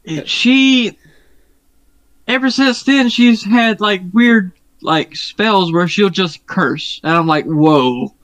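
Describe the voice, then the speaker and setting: A man's voice: high-pitched, slow, a bit bright, no echo, dull audio. Rambling, swearing man telling a story. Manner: rambling, profane, hesitant with many fillers. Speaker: podcast co-host. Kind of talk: casual chat, storytelling.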